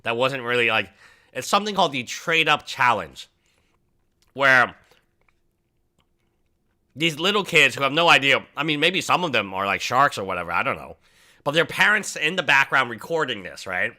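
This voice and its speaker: A man hosting a livestream, chatting casually and rambling, often mimicking people in a high mocking voice. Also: very animated, normal speed, long pauses, bright, forceful tone. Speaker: livestream host.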